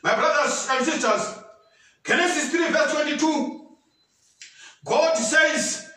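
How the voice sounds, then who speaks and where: A man preaching a sermon with fervor, often shouting for emphasis. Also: very high voice, slow. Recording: echoey room, mic at a distance.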